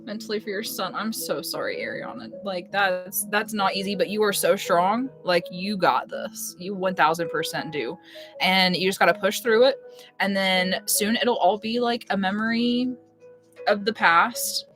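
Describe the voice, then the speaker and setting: A woman's voice: medium pitch, normal speed. A woman chatting casually and frankly with her viewers during a live stream, reassuring and direct. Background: faint music playlist.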